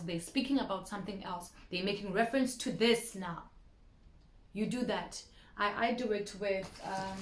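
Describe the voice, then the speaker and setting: A woman in her thirties, an acting coach talking to camera in a lively, explanatory way. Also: medium pitch. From South Africa. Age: 30s. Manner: lively and explanatory, addressing viewers directly. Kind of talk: talk to camera in an acting masterclass. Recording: roomy echo.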